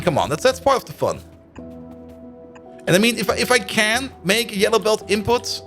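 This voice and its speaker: A man's voice: a little high, fairly bright tone. A man streaming a game live, chatting and thinking aloud as he plays and laughing often. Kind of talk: live stream commentary while playing.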